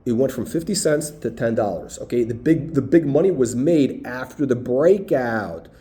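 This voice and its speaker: A man walking through stock charts, talking emphatically and punctuating points with "boom" and "okay". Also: lively intonation, moderate pace, mellow. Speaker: stock market commentator. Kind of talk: chart walkthrough video.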